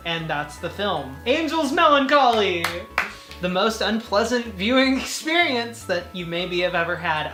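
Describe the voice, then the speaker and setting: Brief: woman host, wry and crude horror reviewer, roomy echo with soft music under her. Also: fairly low pitch. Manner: sarcastic, profane, animated deadpan jokes. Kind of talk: comic movie review monologue. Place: home editing setup.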